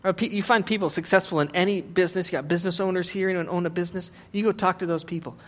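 A man's voice: sits high, racing. A man in his forties preaching a humorous sermon in church, joking and acting out quotes. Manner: joking, animated, acts out quotes. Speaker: pastor.

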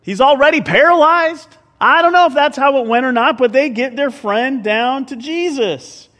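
High-voiced preacher in a reverberant hall. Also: male voice, moderate pace. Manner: animated, conversational, with joking asides. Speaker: pastor. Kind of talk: sermon.

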